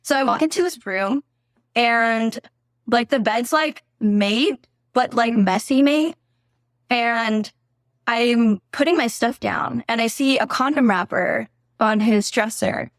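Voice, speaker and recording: A woman's voice: a little high, slow pace, dry recording, clean studio sound. A young woman, a podcast guest, telling a story casually, filling her speech with "like" and swearing freely. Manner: chatty, heavy use of "like", swears freely. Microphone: podcast microphone.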